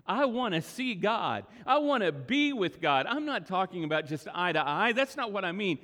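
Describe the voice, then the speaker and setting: Earnest high-voiced pastor preaching. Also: male voice, sing-song, pushed and bright. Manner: earnest, emphatic, slows to stress words. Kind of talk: sermon. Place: church sanctuary. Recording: long hall reverb.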